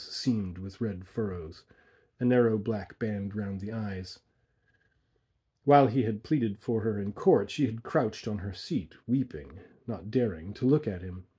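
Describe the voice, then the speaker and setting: A man narrating a macabre short story in a measured, hushed dramatic reading. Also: lowish voice, husky.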